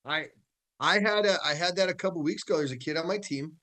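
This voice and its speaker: A man with an American accent, a football coach chatting as a weekly guest on a radio show, upbeat and quick to laugh, often restarting his sentences. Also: fairly high pitch, bright, forceful tone. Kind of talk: casual radio show chat.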